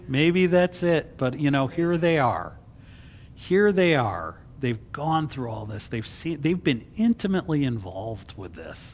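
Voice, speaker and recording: A man's voice: medium pitch, a little hiss or hum. Chatty deacon man teaching scripture. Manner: chatty and joking, with everyday asides. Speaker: deacon teaching a Bible class. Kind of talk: casual Bible study teaching.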